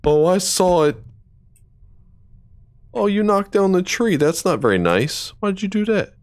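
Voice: medium pitch, lively intonation, unhurried, no room sound. A streamer giving live commentary on a horror game, swearing often, thinking aloud and jumping at scares.

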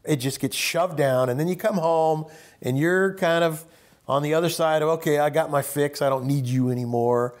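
A middle-aged man hosting a group discussion, giving a reflective spiritual talk with animated storytelling and sharp jumps in pitch. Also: normal speed.

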